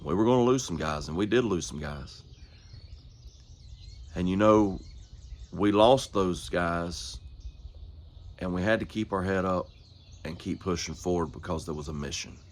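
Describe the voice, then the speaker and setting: A man's voice: deep voice, measured pace, long pauses. A middle-aged man preaching a sermon through a personal story, earnest and folksy in his phrasing.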